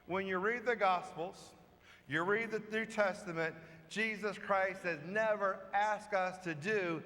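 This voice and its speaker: A priest preaches a homily, telling a story at a slow, emphatic pace. His voice sits high for a man. A long church reverb trails after each line. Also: pushed and bright. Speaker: parish priest. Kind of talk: sermon.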